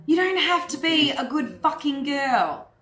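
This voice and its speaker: A women's empowerment coach gives a frank, earthy workshop talk to a group, swearing freely and speaking with animation. Her voice is high-pitched, a bit bright and a little slow, and the room is echoey.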